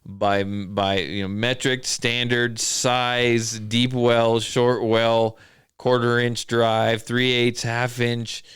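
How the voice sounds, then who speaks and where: A man's voice: medium pitch, little pitch movement, slow pace, a bit bright, clear, resonant tone, no echo, studio quality. A man hosting a casual podcast chat, rambling wryly and listing things off. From southern Idaho. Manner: rambling, wry, lists things off. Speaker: podcast host. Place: home studio.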